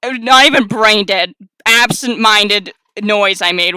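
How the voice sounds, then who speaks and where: A woman streaming a dating game, reading it aloud and reacting loudly, shrieking and laughing in protest. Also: medium pitch, expressive, a little slow, smooth. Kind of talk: let's play commentary.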